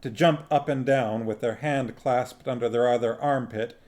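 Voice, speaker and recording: A man reading a novel aloud on a stream, narrating in a slow, deliberate way. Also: medium pitch, steady tone, darkish tone. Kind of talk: audiobook-style narration.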